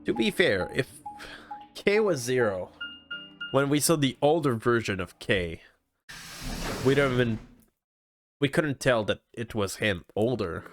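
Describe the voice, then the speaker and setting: A chatty man from Canada talks through a video game, his pitch swinging widely as he jokes and laughs. Soft game music plays behind him. His commentary is loose and animated. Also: measured pace, long pauses. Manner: chatty, laughs often, lively. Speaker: gaming streamer. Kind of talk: let's-play commentary.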